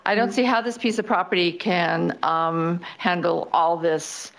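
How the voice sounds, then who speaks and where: A woman resident testifying at a public hearing, upset and halting, with many fillers. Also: fairly low pitch, fairly even intonation. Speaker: resident giving public comment.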